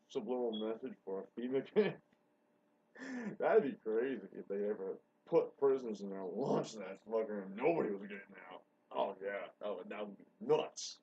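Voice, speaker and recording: A man hosting a rambling solo show, excitable and profane, swinging between low mutters and sudden loud outbursts. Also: husky. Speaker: show host. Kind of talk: rambling monologue. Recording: dull lo-fi recording.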